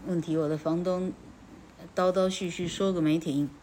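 A woman reading a classic story aloud and translating it as an English teacher, in a lively, chatty way. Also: fairly low pitch, normal speed, a little hiss or hum. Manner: lively, chatty, self-correcting.

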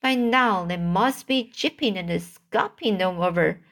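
A woman doing a soft-hearted friendly giant. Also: medium pitch, measured pace. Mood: sad. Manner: odd broken grammar, gentle and sorrowful. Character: kindly big male giant, soft-hearted.

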